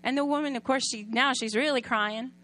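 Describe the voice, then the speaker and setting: Her voice sits high and moves briskly as she delivers a sermon in a chatty, storytelling style. This woman frequently poses questions to listeners and sometimes lowers herself to a quiet softness.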